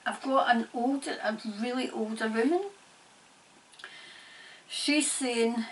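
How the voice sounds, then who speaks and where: A woman giving a spirit-channelling reading in halting, repetitive, murmured phrases. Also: on the high side, a bit bright. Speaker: tarot reader and medium. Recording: distant mic, faint background noise.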